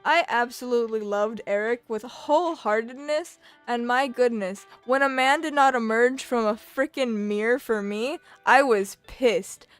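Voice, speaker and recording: A woman's voice: a little high, a little slow, few pauses, smooth, faint music behind. Chatty young woman rambling with fillers. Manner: rambling, giggly, frequent fillers and restarts. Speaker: vlogger. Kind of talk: casual chatty commentary. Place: her bedroom.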